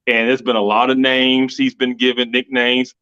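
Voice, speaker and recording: A man's voice: medium pitch, completely flat delivery, moderate pace, pushed and bright, clear, resonant tone. Man, middle-aged, casual rambling storyteller, muffled lo-fi call audio. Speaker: co-host. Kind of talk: casual livestream discussion. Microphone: video call.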